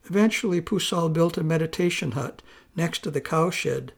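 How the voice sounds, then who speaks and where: Gravelly-voiced male storyteller. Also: fairly high pitch, moderate pace. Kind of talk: storytelling narration.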